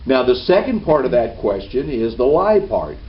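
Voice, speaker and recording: A man's voice: mid-range voice, sing-song, normal speed, recorded from a distance. A man giving a training presentation in a meeting room, folksy and checking in with "okay" after each point. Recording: dull lo-fi camera audio with faint hiss.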